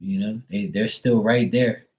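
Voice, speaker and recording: Casual male tarot stream host, slightly low voice, candid and profane. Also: steady tone, a little slow, a little mellow, poor audio. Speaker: tarot reader hosting a live stream. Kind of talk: casual live-stream chat.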